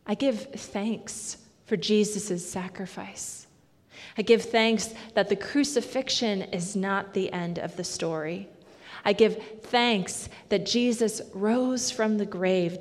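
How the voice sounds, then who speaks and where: A woman preaching a sermon in a slow, measured, reflective way. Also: medium pitch. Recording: long hall reverb.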